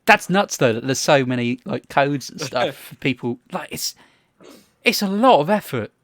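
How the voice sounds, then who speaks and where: A man's voice: fairly high pitch, expressive, normal speed, no echo, clean studio sound. A young man co-hosting a podcast, joking playfully in casual chat. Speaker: podcast co-host.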